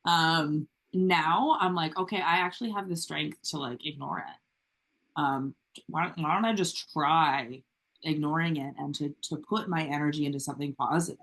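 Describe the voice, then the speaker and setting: A woman co-hosting a recovery podcast, talking earnestly and haltingly with many fillers. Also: deep voice, a bit bright. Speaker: podcast co-host. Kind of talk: casual recovery podcast chat.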